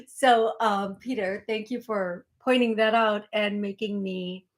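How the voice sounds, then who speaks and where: A woman's voice: medium pitch, fairly even intonation, a little slow. A woman hosting a live call-in psychic medium show, chatting in a rambling way with many fillers and restarts.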